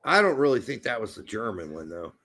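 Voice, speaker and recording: A man co-hosting a live soccer watch-along stream, talking casually with lots of swearing and bursts of shouting. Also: on the low side, fairly quick, gravelly. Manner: excitable, profane, bursts into shouting over goals.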